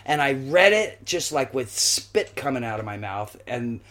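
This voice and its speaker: A middle-aged man, a guest actor, telling a lively story in a podcast interview and acting out the voices in it. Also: medium pitch, measured pace. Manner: lively anecdotes, acts out quoted voices, swears.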